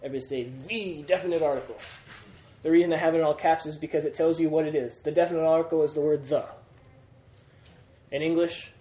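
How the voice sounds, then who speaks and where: Male teacher, fairly high voice, patient explainer, reverberant room sound. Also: steady tone, fast talker, dark tone. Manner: patient, repeats key points and checks understanding. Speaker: Greek teacher. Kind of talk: classroom grammar lesson. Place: classroom. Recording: roomy classroom sound.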